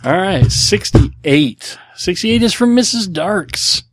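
A man's voice: high-pitched, animated, takes it slowly, noisy background. A middle-aged man hosting a podcast, answering listener questions in a casual, blunt, rambling way with many fillers. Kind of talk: casual chat.

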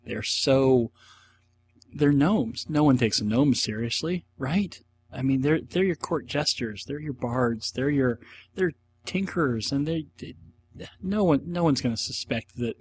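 A man's voice: mid-range voice, lively intonation, moderate pace, a little hiss or hum. A middle-aged man hosting a casual solo podcast, answering listener questions in a rambling, enthusiastic way with rhetorical asides.

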